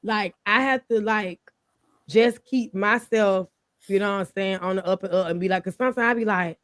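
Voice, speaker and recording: A woman's voice: medium pitch, a little fast, no echo, studio quality. A woman hosting a casual panel podcast, talking bluntly and rambling, swearing freely. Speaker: podcast host.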